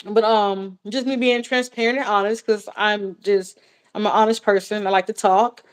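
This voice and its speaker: Her voice is medium-pitched, steady and clean, moving at a normal speed. She's a vlogger in her thirties doing a relaxed live chat with viewer questions, speaking frankly with frequent fillers, swearing, rambling and repeats.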